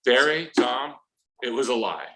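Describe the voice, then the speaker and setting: Bright-sounding guy in his 50s telling funny work stories, acts out bits, mid pitch. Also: lively intonation, rough recording. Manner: comic, acts out scenes in quick voices. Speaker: author guest. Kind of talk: animated storytelling.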